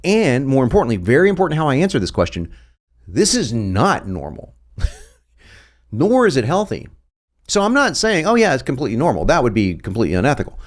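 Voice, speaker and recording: Animated man teaching with many laughs. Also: mid-range voice, normal speed. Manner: animated, laughs often, restarts sentences. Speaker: copywriting teacher. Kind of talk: casual screen-share lesson.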